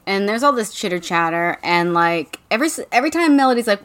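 A woman's voice: medium pitch, lively intonation, fast talker, fairly bright tone. A woman co-hosting a casual book recap, making dry, sarcastic asides with plenty of swearing. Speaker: podcast co-host.

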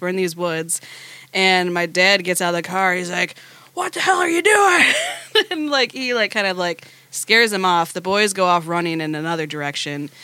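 A woman from Wyoming with a bright, smooth voice, telling a story as a guest on a podcast. She is giggly and chatty as she talks, and the sound is dry and close to the mic. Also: fairly low pitch, no room sound. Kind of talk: casual chat.

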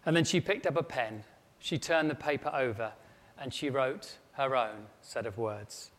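Preacher telling a story, dramatic and lively, long echo of a big hall. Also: male voice, medium pitch, moderate pace. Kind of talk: storytelling sermon.

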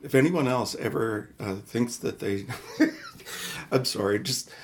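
A man's voice: medium pitch, a little slow, a little hiss or hum. Rambling man telling a story. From Midwest United States. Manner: rambling, self-mocking storyteller. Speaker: podcast co-host. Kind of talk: casual chat.

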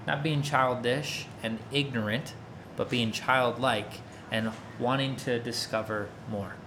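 In a slow, steady, medium-pitched voice, a man gives a casual, conversational sermon while background noise carries on. He often stops to confirm that his listeners are with him.

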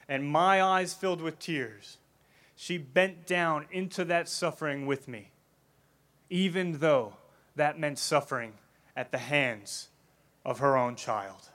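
A man's voice: a little high, takes it slowly, long pauses, fairly bright tone. A man giving an earnest festival talk on faith, telling a vivid personal story. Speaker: Christian speaker. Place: festival stage.

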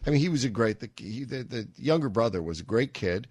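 A man's voice: medium pitch, lively intonation, fairly quick, a little mellow, breathy edge, no echo. A middle-aged man hosting a talk radio show, telling a rambling story with wry asides into a studio microphone.

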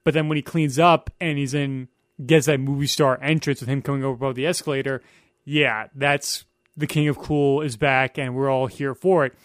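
A man's voice: medium pitch, fairly even intonation, moderate pace, no echo, studio quality. A young man talking as a guest on a casual film podcast, explaining editing in an analytical way with many fillers.

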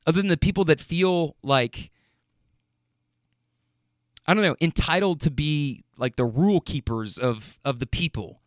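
A man telling a story in a casual rant, profane, heated and animated, with frequent restarts. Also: on the high side, measured pace, pauses often, dry recording, clean studio sound.

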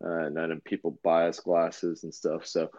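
A man's voice: low-pitched, completely flat delivery, normal speed, a little mellow, muffled recording. A man co-hosting a podcast in casual chat, rambling and laid-back with lots of fillers and restarts. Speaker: podcast co-host.

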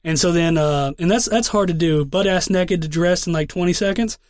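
A young man with a high-sitting voice talks fairly quickly as a podcast co-host, spinning rambling stories in casual, heavily profane chat. The studio sound is clean, with no room sound.

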